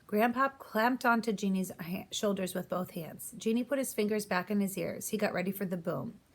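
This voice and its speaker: A woman audiobook reader with a mid-range voice and moderate pace reads a children's novel aloud. She handles the storybook narration and voices each character's lines herself.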